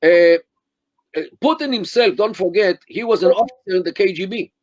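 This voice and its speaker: Over a video call, an older Middle East scholar speaks as an interview guest in a fairly high voice. He makes his points deliberately and emphatically, stressing words and frequently restarting phrases, with plenty of fillers. The audio is close and dry, without any room echo.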